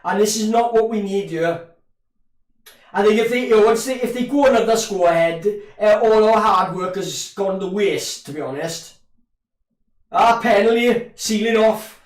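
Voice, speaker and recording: A man's voice: sits high, moderate pace, recorded from a distance. A middle-aged man with a Llanelli Welsh accent, chatting casually while he streams a live rugby match and reads out viewer comments. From Wales. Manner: chatty, rambling, laughs often, reads chat aloud. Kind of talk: casual live rugby watch-along chat. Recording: roomy echo, voice a bit off-mic.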